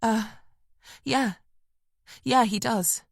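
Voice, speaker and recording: A woman's voice: a little high, very slow, creaky, dry recording, studio quality, pitched above the performer's own voice, exaggerated voice. A woman narrator voicing a woman police detective, speaking in urgent, breathless, clipped bursts.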